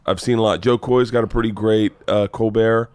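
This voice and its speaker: A man's voice: on the low side, steady tone, moderate pace, darkish tone, clear, resonant tone, no room sound. A man in his forties hosting a podcast in casual chat, rambling with restarts and swearing freely. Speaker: podcast host.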